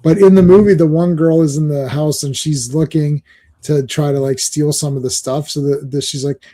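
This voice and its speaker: Laughing rambling man, dark voice. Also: fairly high pitch, steady tone, normal speed. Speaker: comic podcast host. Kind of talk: casual chat.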